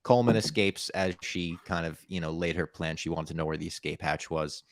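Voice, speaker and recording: Low-voiced podcast host, dry sound. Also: male voice, brisk, no room sound. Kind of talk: casual chat.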